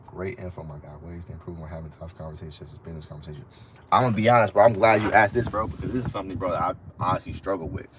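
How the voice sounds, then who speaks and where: A man's voice: low-pitched, rapid-fire, noisy background. A young man from Florida, an online fitness trainer, giving casual advice on a live stream, calling the listener "bro" over and over and repeating his points.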